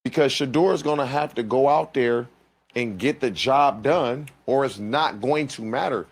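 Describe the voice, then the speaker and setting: A man making his case on a sports talk show, blunt and emphatic with no hedging. His voice is plain and mid-pitched, speaking in firm, direct statements. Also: measured pace, slightly rough.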